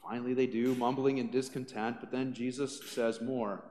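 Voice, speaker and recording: A man pastor preaching a sermon with animated storytelling. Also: mid-range voice, moderate pace, hardly any pauses. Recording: echoey church hall.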